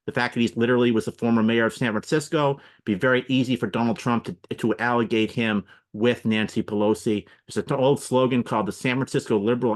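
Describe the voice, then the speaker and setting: Fast-talking man analyzing politics. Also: mid-range voice. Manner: fast, explanatory, lists names and examples. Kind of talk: radio interview commentary.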